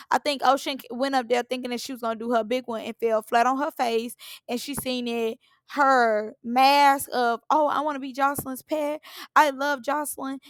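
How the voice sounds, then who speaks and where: Blunt opinionated woman doing a show recap, kinda high voice, dry sound. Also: clear, resonant tone, no room sound. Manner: opinionated, sassy, blunt asides. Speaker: reality show recap host. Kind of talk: casual recap commentary.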